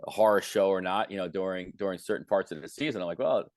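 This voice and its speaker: A man's voice: low-pitched, fast, darkish tone, no room sound. A man co-hosting a podcast chat, talking thoughtfully with frequent halts and restarts. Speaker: podcast co-host.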